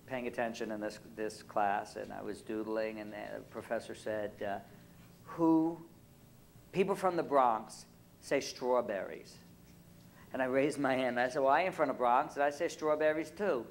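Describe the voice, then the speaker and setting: A man's voice: medium pitch, creaky, a little hiss or hum, low-quality recording. A man from Brooklyn with a faint New York accent, a panel guest telling stories casually, rambling with many fillers and restarts. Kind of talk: convention panel Q&A, casual storytelling.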